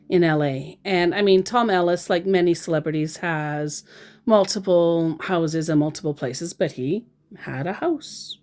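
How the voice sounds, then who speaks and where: A woman's voice: lowish voice, darkish tone. A woman in casual commentary on scam chats, sarcastic and laughing often. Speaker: scambaiter vlogger.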